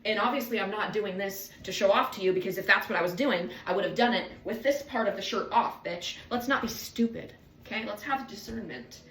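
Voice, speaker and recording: A woman's voice: medium pitch, brisk, a bit bright, distant mic, a little hiss or hum. Rambling, swearing woman in an echoey room. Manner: rambling, swearing, wry and self-mocking. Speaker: vlogger. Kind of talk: casual rambling monologue to camera.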